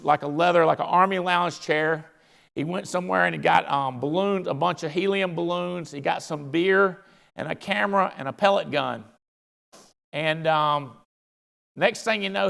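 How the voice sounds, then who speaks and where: A man giving a folksy, excitable motivational speech to his team at a convention. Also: fairly high pitch, vocal fry. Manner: folksy, excitable, rambling storyteller. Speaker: company founder speaking at a convention. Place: large convention hall. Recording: live hall reverb.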